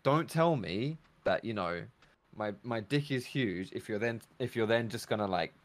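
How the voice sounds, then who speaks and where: A man's voice: lowish voice, expressive, normal speed. A young British man hosting an esports podcast, joking and laughing in casual banter. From Britain. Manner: joking, laughs often, loose and rambling. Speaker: podcast host.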